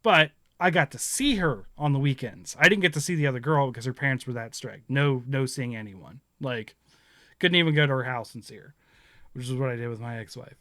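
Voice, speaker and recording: A bright, forceful man in his thirties tells rambling stories in casual chat. He laughs often and acts out what others said, heard close and dry on the mic. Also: mid-range voice, a little fast, no echo. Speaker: podcast host.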